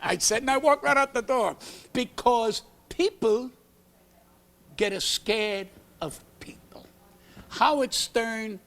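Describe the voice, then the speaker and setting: A man, a comedian telling rambling, animated stories as a talk show guest. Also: high voice, gravelly. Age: 80s. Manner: rambling, animated, acts out voices in his anecdotes. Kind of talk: comic storytelling. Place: TV studio.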